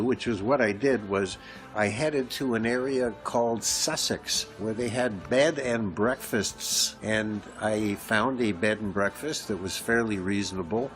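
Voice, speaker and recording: An older man from Canada telling a long story about his past as a podcast host, rambling and poking fun at himself, speeding up as the story gets tense. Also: fairly low pitch. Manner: rambling, self-mocking, speeds up when excited. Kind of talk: storytelling monologue.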